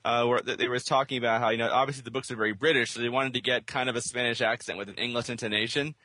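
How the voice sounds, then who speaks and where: A man's voice: medium pitch, steady tone, rapid-fire, sharp tone, dry recording. A man co-hosting a podcast in casual chat, rambling with many restarts and fillers. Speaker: podcast co-host.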